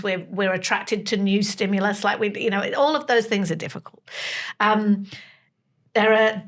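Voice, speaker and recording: A woman in her forties co-hosting a relaxed chat show. She talks in a lively, conversational way and laughs easily as she tells her stories. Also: mid-range voice. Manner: chatty and animated, laughing often. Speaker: podcast co-host. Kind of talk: casual chat.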